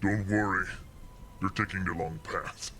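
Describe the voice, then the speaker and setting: A man voicing an unhurried NPC in a tabletop game who reassures the party on the way. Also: sits low, fairly even intonation, a bit bright, a little hiss or hum, voice pushed down. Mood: reassuring.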